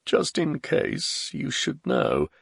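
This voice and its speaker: A man voicing a composed nobleman who speaks in a measured, reassuring way. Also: on the high side, wildly swooping pitch, creaky, fairly bright tone, husky, dry recording, studio quality, voice pushed up, heavily acted. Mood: calm, measured. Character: calm, composed nobleman, quietly persuasive.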